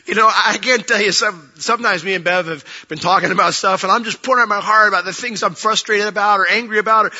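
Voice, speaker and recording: Emotional high-voiced man preaching a sermon. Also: fast talker, few pauses, lo-fi sound. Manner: emotional, swings from raised passionate preaching to quiet reflective tones. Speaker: pastor.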